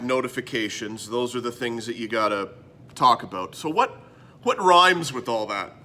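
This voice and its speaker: A man hosting his own comedy web show, talking to camera in a rambling, sarcastic monologue that swings from mutters to loud bursts. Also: medium pitch. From Canada.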